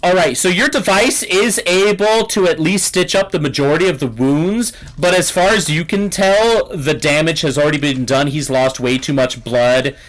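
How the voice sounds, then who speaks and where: A man's voice: a little high, normal speed, hardly any pauses, fairly bright tone. Man, game master, laid-back narration, online call. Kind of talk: narrating a tabletop game on a stream.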